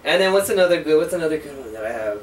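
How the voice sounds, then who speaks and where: A man's voice: fairly high pitch, racing. A man in his twenties telling rambling, profane stories in casual chat with a friend. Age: 20s. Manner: rambling, profane, animated retelling. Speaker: co-host. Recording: echoey room from far off, faint hiss.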